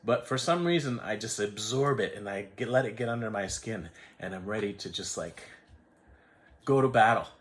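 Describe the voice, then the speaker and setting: A man from the United States in his forties rambles through a story on his casual vlog, breaking into his own sentences and voicing the people he quotes. His voice is lowish and his speed normal.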